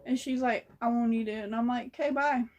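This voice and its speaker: A woman's voice: fairly high pitch, fairly even intonation, fairly quick, darkish tone. A young woman telling a story in a casual vlog, blunt and sassy, swearing freely. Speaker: vlogger.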